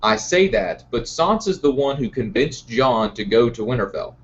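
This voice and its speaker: A man's voice: medium pitch, lively intonation, highs cut off, a little hiss or hum. A man hosting a casual discussion, laying out his points earnestly, one by one. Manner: earnest, measured, explaining point by point. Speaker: show host.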